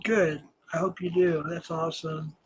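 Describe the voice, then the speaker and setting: A man's voice: a little high, level tone, normal speed, background noise. An older man hosting a livestream, talking casually in a rambling, self-deprecating way and laughing often. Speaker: livestream host.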